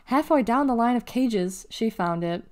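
A woman reading a children's novel aloud with measured, expressive storytelling. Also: fairly high pitch. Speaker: reader of children's books.

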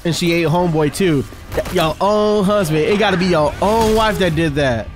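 A young man giving loud, excitable, trash-talking commentary while he plays a video game. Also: sits high, normal speed, background noise. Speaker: gaming video host. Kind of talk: excited let's-play commentary. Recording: game soundtrack playing behind.

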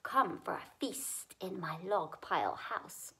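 A woman voicing a sly, hungry male snake in a storybook read-aloud, speaking in a hushed, drawn-out, coaxing way. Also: fairly low pitch, lively intonation, heavily acted.

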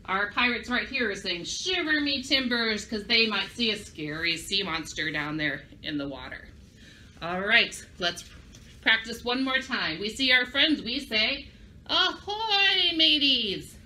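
Woman, children's librarian, upbeat, talks straight to kids, very bright tone, faint background noise. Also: mid-range voice, a little slow. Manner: upbeat, speaks directly to young children. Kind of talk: children's craft and story lesson.

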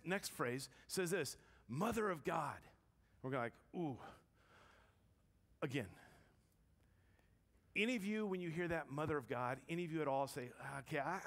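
Conversational woman pastor, long church reverb. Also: sits low. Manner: conversational, joking, questions the congregation. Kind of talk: sermon. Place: church sanctuary.

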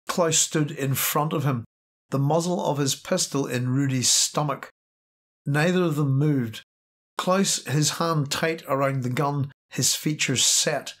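A man reading science fiction aloud as an audiobook narrator, steady and measured. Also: fairly high pitch. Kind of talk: scripted narration.

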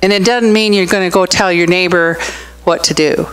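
A woman's voice: lowish voice, steady tone, normal speed, fairly bright tone, clean tone, low-quality recording. Chatty woman preaching a sermon. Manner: chatty, storytelling, asks the room questions. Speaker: pastor. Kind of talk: conversational sermon with congregation banter.

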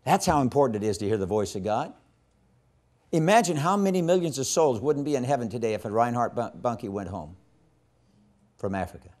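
A man teaching a session on evangelism in a sermon style, telling a story with strong emphasis and dropping to hushed tones when quoting. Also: medium pitch, expressive, fairly quick. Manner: impassioned, swings from loud emphasis to hushed quoting.

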